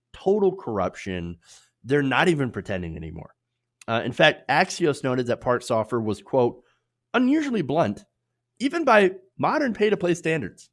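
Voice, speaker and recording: Sarcastic man with a lively voice. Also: medium pitch. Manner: sarcastic, mocking put-on voices for quotes; loose, filler-heavy delivery with restarts. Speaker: political commentary host. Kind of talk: opinionated political commentary.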